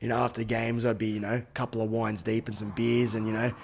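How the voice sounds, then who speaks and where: A man's voice: fairly low pitch, level tone, fast, a little hiss or hum. An Australian man in his thirties, a podcast guest telling stories in casual, slangy chat and laughing often. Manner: laid-back storytelling, slangy, laughs often. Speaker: podcast guest, former rugby league player.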